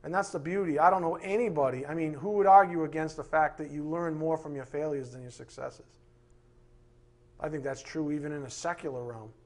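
A man's voice: fairly high pitch, a little fast. A man teaching a Bible class in a casual, joking way, acting out little voices as he goes. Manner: animated, joking, acts out voices.

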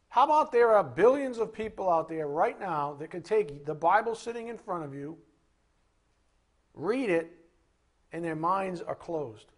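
A man giving a sermon as a Bible teacher, animated, asking rhetorical questions and acting out little scenes. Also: fairly high pitch.

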